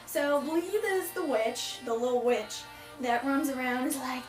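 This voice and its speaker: Exasperated high-voiced teen girl ranting. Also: expressive, unhurried. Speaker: book reviewer. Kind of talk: casual book review. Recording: echoey room, far from mic, faint music.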